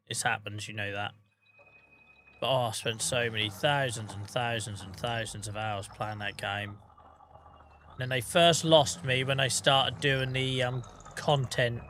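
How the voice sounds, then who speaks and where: A man's voice: medium pitch, bright, forceful tone, slight background noise. A man streaming a farming game, chatting casually in a rambling, self-deprecating way with the odd swear. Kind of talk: casual gaming stream chat.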